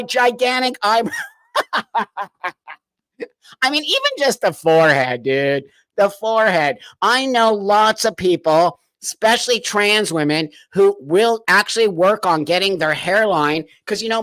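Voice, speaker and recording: A man's voice: high-pitched, fairly bright tone, no room sound. A man hosting a live stream, commenting bluntly and mockingly and laughing often.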